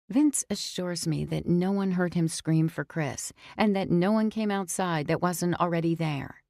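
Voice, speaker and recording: A woman's voice: on the low side, a little slow, vocal fry, few pauses, a little mellow, no room sound, clean studio sound. A woman narrating a first-person audiobook in a tense, confessional manner that sometimes drops to a whisper.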